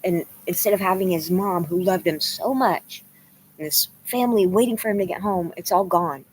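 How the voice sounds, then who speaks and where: A woman's voice: on the low side, moderate pace, a little hiss or hum, rough recording. Tearful, rambling woman in her forties. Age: 40s. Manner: tearful, rambling, candid, swears. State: crying. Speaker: vlogger. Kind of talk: emotional casual vlog talk, reading chat.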